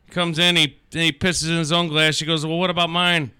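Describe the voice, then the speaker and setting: Man, very bright tone, smooth clear voice, crude joke-telling, casual banter. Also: on the high side, flat delivery, normal speed.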